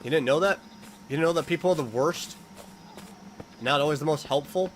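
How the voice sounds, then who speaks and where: A man's voice: fairly high pitch, a little fast, a little hiss or hum. A man playing a horror video game and commenting as he goes, talking to the characters and yelping when startled. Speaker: let's-play host.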